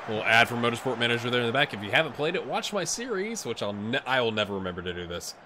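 A man doing a tired but excitable, jokey play-by-play while he plays a game on video, with asides to his viewers. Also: medium pitch, very fast, background noise. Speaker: gaming YouTuber. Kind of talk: let's play commentary.

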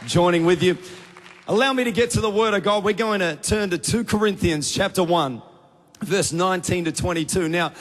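Australian man, youth pastor, energetic sermon and prayer, high voice, hall echo. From Australia (Tasmania). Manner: energetic, rising to fervent prayer. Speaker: youth pastor, guest preacher. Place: large church auditorium. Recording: big church hall reverb.

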